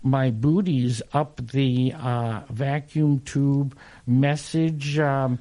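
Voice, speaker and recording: An older man in his sixties speaks slowly as an interview guest. He tells his stories haltingly, with plenty of uhs and restarts. His pitch sits in a middle range for a man. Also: fairly even intonation, warm tone. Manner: unhurried, halting, lots of fillers and restarts, chuckles. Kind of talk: casual storytelling in an interview.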